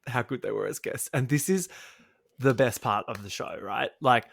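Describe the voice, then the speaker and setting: Male co-host, gravelly, dry close mic, gossipy and quick to laugh. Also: mid-range voice, a bit bright, dry recording. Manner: chatty, catty recapping with frequent laughs. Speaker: podcast co-host. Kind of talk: casual chat.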